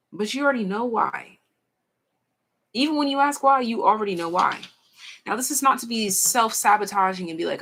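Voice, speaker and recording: A young woman giving a casual pick-a-card tarot reading, frank and slangy, swearing freely and stretching out her pauses. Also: mid-range voice, expressive, creaky, a bit bright. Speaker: tarot reader.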